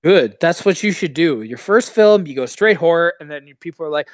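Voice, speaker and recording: A young man with a Canadian accent co-hosting a casual movie-watching podcast, animated, laughing often and swearing casually. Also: fairly high pitch, fairly quick, no echo, studio quality. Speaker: podcast co-host.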